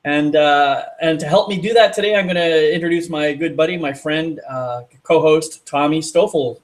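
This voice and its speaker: A man hosting a casual talk show, relaxed and rambling, with fillers and restarts. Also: on the high side, normal speed, hardly any pauses. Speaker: host. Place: outdoors in a city at dusk.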